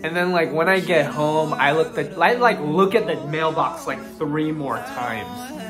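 Young male vlogger, lively storyteller, acts out phone calls, slightly raised pitch, with a music bed. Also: a little slow. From New Jersey. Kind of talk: reading an essay, then casual storytelling. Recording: clear music bed behind the voice.

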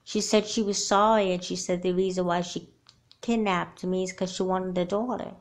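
Woman voicing a blunt earnest girl doll, lowish voice, guarded, homemade doll movie. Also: steady tone, normal speed, natural voice. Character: wary, stubborn young girl doll haunted by nightmares.

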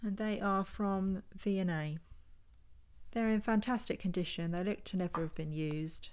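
At home, a vintage homeware reseller shows off her finds in a casual show-and-tell vlog, chatting unhurriedly and thinking aloud as she handles items. Her mid-range voice is a little mellow, with a clean tone.

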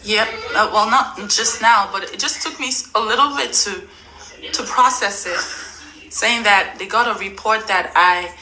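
A woman's voice: medium pitch, unhurried, a crowd in the background, rough recording. A young woman from Africa venting to her camera, indignant and emotional, repeating herself as her voice breaks. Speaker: vlogger. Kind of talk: emotional direct-to-camera rant.

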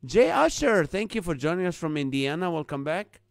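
Hosting a live comedy show on stream, a man reads out viewer comments and chats casually, often chuckling at the puns. His voice is a little high, sing-song and creaky at a moderate pace, recorded dry.

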